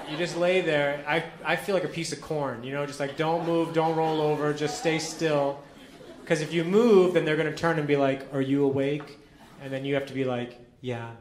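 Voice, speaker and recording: Dry, exasperated man doing stand-up. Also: background noise. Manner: dry, exasperated storytelling that drops low and quiet for asides. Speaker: stand-up comedian. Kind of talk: stand-up routine. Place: comedy club stage. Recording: roomy live club recording.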